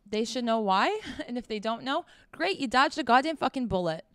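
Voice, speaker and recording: Blunt, foul-mouthed woman with a smooth voice. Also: a little high, animated, normal speed, fairly bright tone, no room sound, studio quality. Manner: blunt and profane, emphatic; direct, talks straight to the listener with repeated "okay?". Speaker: podcast host. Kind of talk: casual advice monologue.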